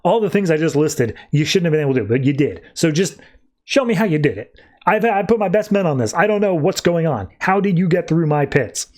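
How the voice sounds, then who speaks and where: Man reading as a demanding sorcerer club owner, slightly high voice. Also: lively intonation, a little fast, darkish tone, lightly acted. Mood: explaining.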